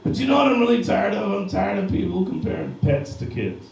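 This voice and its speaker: A male comedian in his thirties doing a crude stand-up set on a bar stage in front of a live crowd, often shouting his punchlines. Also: sits high, very animated, fairly quick, gravelly, slight background noise. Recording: distant mic with heavy bar room echo.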